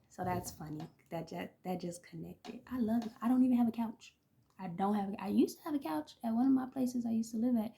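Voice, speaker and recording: A woman in her thirties, an oracle reader and vlogger, shares personal stories in a loose, casual ramble, laughing often and sometimes sinking nearly to a whisper. Her voice is mellow and medium in pitch.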